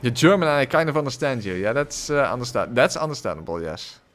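A man whose first language is Dutch, streaming a game live, reading chat and reacting loudly with jokes. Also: mid-range voice, lively intonation, quick pace.

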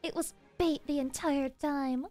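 A young woman with a Southern US accent, chatting casually with viewers while streaming a game, animated and swearing freely. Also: a little slow, soft background music. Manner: animated, swears a lot, jumps between high playful voices and low mutters. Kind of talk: casual live-stream chat while gaming.

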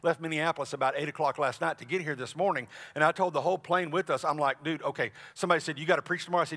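A man preaching a sermon as pastor, in a conversational, animated way with asides to the congregation. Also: on the high side, quick pace, hardly any pauses. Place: large church sanctuary. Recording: long reverb of a church hall.

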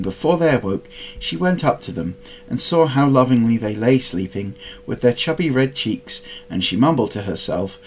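A man reading a storybook aloud in an expressive, dramatic way. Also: mid-range voice, moderate pace, a little hiss or hum, poor audio. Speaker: storybook reader.

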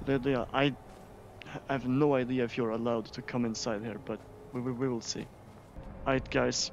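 A man from Sweden giving casual, excitable gameplay commentary as a streamer, swearing often. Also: mid-range voice, moderate pace, lo-fi sound, a little hiss or hum. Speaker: gaming streamer.

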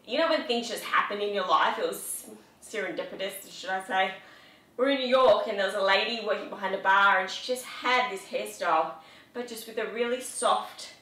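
A woman's voice: medium pitch, normal speed, a bit bright. Aussie fitness lady counting reps, cheery and encouraging, bouncing off a roomy studio. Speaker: fitness instructor. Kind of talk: live workout coaching. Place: home studio. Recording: echoey room, mic at a distance.

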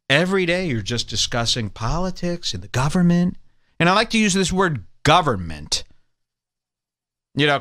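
Animated mock-preachy podcast host man. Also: fairly high pitch, no echo, studio quality. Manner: mock-preachy, sarcastic exhortation. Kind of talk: ranting comedic monologue.

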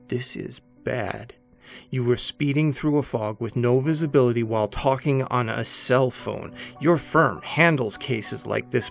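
A man hosting and narrating a horror story in a measured, scripted second-person voice. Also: medium pitch, vocal fry. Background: faint background music.

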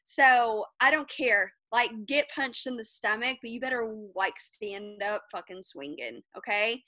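A woman's voice: fairly high pitch, measured pace, sharp tone, dry recording, poor audio. A woman giving a blunt, fired-up motivational pep talk on a video call, swearing freely. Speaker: guest speaker.

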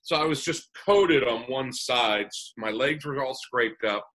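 Speaking a little slowly, a podcast guest with a medium-pitched, fairly bright voice shares a personal story in a casual way. He rambles, dropping many "uh" fillers and chuckling now and then, and the recording quality is low.

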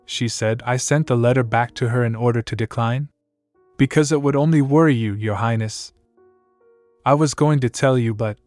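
A man's voice: mid-range voice, a little mellow, no room sound. A man reading a story recap as narrator, voicing every character's lines in the same plain tone, recorded dry as a voice-over with light music behind.

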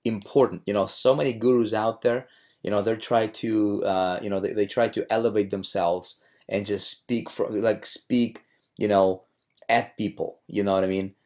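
A man with a hoarse voice, talking casually as a marketing coach about his own videos, rambling with many fillers and restarts. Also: lowish voice, fairly even intonation, normal speed, darkish tone.

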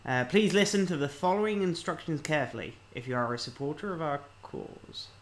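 Slightly high-voiced man narrating gameplay. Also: fairly quick, slight background noise. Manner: reads on-screen game text aloud, thinking out loud. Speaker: let's-play host. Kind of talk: casual video game commentary.

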